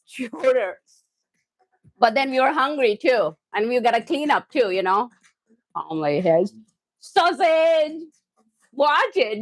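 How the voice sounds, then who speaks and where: A woman hosting a live cooking stream from her home kitchen, excitable and loud, often laughing at herself as she chats with viewers. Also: a little high, no room sound.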